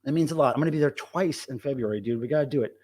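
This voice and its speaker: A man's voice: medium pitch, racing, darkish tone. A middle-aged man hosting a casual live stream, reading the chat aloud and talking loosely with plenty of swearing. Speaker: livestream host.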